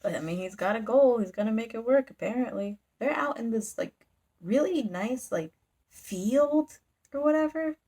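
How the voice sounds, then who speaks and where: A woman's voice: fairly high pitch, expressive, moderate pace, mellow. A woman recapping a manga in a casual, rambling chat, giggling and using lots of fillers. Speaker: manga reviewer.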